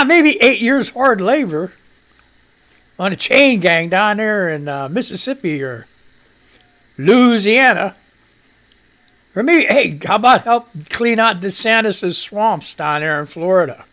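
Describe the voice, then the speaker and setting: A man's voice: high-pitched, animated, takes it slowly, pauses often, bright, forceful tone. A man hosting a casual live radio talk show, rambling and swearing freely, congested and wheezing with a cough. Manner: rambling, profane, laid-back.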